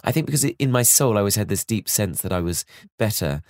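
A man's voice: on the low side, expressive, fast talker, darkish tone, dry recording, studio quality. A man with an old-fashioned posh English accent, a guest in casual chat, telling self-mocking stories in a mannered way.

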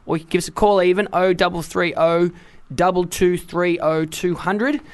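A man co-hosts a casual radio show, his voice sitting a little high for a man. He talks in a chatty, animated way, spinning everyday stories on a studio mic. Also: moderate pace, clean tone. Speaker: radio host.

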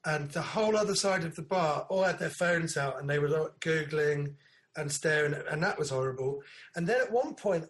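A man, a comedian, telling a sweary, animated story in casual podcast chat. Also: a little high.

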